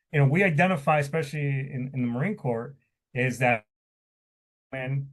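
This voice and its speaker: A middle-aged veteran recounts his own story in an interview, in a voice of ordinary pitch for a man. He speaks frankly and with raw feeling. His sentences often stall, restart and repeat. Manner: halting, with many restarts and repeated words; raw and emotional, speaking candidly. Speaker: military veteran guest.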